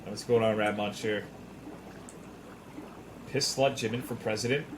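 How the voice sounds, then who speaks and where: With a noisy background behind him, a gaming streamer talks with viewers in profane, joking banter. He has a fairly low pitch, a steady tone, and a measured pace.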